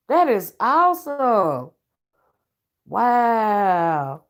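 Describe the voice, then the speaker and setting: A woman with a somewhat high, sing-song, gravelly voice speaks extremely slowly and pauses often. She hosts a casual livestream from home while cooking dinner, a self-styled oracle reading comments folksily, calling listeners honey and child and thanking viewers by name.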